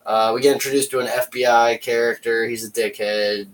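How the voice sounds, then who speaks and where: A man's voice: mid-range voice, steady tone, distant mic, poor audio. Rambling man retelling a movie, off-mic. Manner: rambling, retells scenes with quick put-on voices. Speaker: podcast host. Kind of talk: casual movie review chat.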